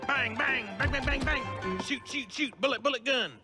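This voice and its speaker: A man voicing a silly, squeaky cartoonish cowboy, chanting sound effects in a goofy sing-song way, heard from a distance. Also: moderate pace, loud music behind the voice.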